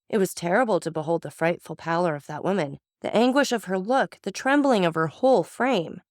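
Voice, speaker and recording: A woman narrating a classic novel in a measured, dramatic audiobook reading. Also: lowish voice, animated, dry recording, studio quality.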